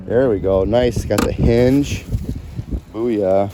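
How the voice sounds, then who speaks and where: A man's voice: on the low side, slow, background noise. A man vlogging in a casual, rambling way, chatting and jumping from one topic to the next. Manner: chatty, scattered, jumps between topics. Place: at home, then outdoors in a store parking lot.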